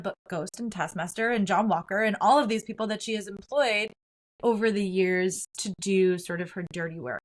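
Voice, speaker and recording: A woman's voice: mid-range voice, a bit bright. A woman hosting a solo podcast, talking through a film in an earnest, opinionated way and building her points in lists. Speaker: podcast host.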